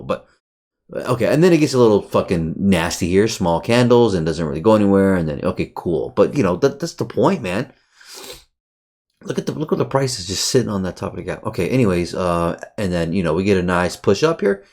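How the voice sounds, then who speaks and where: A man talking casually and excitedly through a trading chart review, swearing often and firing off rhetorical questions. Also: low voice, brisk. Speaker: trading educator.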